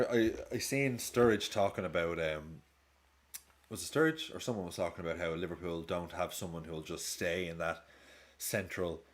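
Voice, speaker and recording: A man with a casual, rambling manner, chatting and laughing often as he hosts a live football watch-along stream. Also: deep voice.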